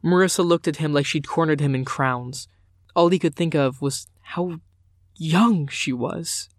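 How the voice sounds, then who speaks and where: Guy reading a story aloud, even and measured, dry mic. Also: a little high, dry recording. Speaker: narrator. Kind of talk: audiobook narration.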